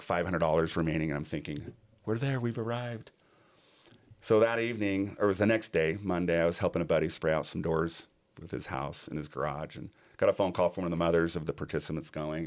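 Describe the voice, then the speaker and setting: A middle-aged man, a podcast guest, telling a personal story in earnest and acting out other people's lines. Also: deep voice.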